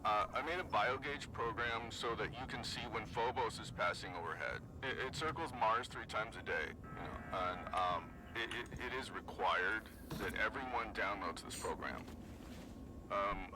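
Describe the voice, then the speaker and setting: A man's voice: lowish voice, moderate pace, background noise, close to an everyday voice. An actor playing a laid-back male crewmate on a Mars base who mumbles and halts in a stoner-like drawl. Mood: mellow.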